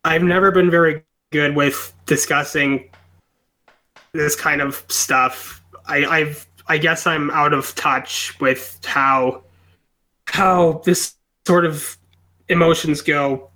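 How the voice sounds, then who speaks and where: A young man in his twenties calls in and takes his father's part, answering in a halting, hesitant way with many restarts. His voice sits a bit high and sounds bright and forceful. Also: steady tone. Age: 20s. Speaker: caller role-playing his father.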